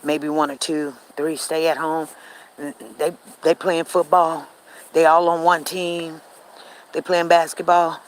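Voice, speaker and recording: A woman vlogging on an outdoor walk, telling stories in a chatty, animated way and talking straight to her viewers. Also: deep voice, slow, a little hiss or hum, low-quality recording. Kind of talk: casual storytelling to viewers.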